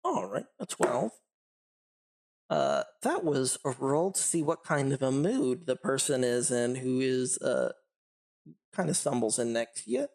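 A man's voice: mid-range voice, lively intonation, unhurried, creaky, darkish tone. A man narrating a tabletop game as game master, rambling with many fillers and laughing easily.

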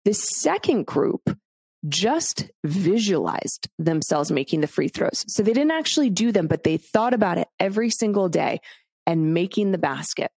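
A woman's voice: fairly low pitch, animated, normal speed, darkish tone, breathy edge, no room sound, studio quality. Blunt, candid woman podcast host. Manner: blunt and candid, swears casually, addresses the listener directly. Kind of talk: solo podcast monologue.

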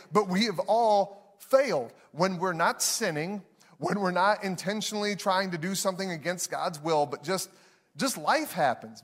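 A man in his thirties, a pastor preaching a sermon to a live room, telling a story with frequent restarts and acting out the voices in it. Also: sits high. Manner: acts out voices in anecdotes. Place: church hall with live audience.

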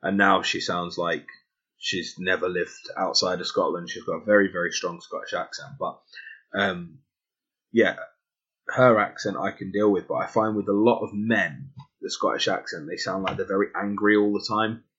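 Husky-voiced English man, low and chatty. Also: steady tone, normal speed, fairly bright tone, dull audio. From England. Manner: chatty, self-interrupting, jokey asides. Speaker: podcast co-host. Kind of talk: casual chat.

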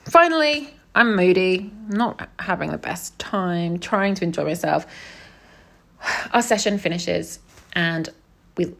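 A young woman telling a story in a casual vlog. Her pitch swings widely as she vents, exasperated, acting out what everyone said. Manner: exasperated, animated retelling with acted-out quotes. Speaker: vlogger.

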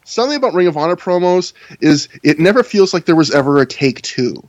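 A man's voice: a little high, very animated, fast, no room sound, lo-fi sound. A man co-hosting a casual podcast chat, wry and sarcastic, laughing often as he talks. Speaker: podcast co-host. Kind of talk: casual chat reviewing wrestling.

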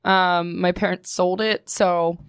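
A woman's voice: on the low side, level tone, slow pace, smooth, no echo, clean studio sound. A young adult woman from Ohio co-hosting a podcast, chatting casually with friends, rambling and laughing often. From Ohio, USA. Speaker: podcast co-host. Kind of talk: casual chat.

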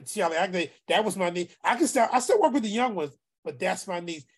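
A man with a gravelly, rough-edged voice tells a heartfelt story to friends over a video call. He gets animated and drops into other people's voices as he talks. A husky grain sits under every word. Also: high-pitched, fairly quick. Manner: emotional, animated, acts out dialogue. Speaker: group call participant, former youth worker.

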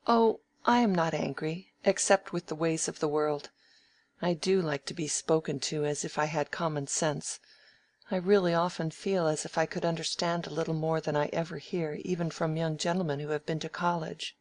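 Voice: mid-range voice, fairly even intonation, moderate pace, natural voice. A reader voicing a frank, teasing young woman. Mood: indignant. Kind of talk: audiobook dialogue reading.

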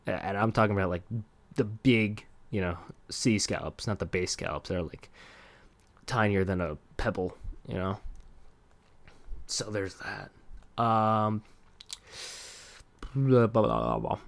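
Low-ish and slightly bright, this young solo podcaster takes his time, pausing often as he rambles with plenty of fillers and self-deprecating laughter.

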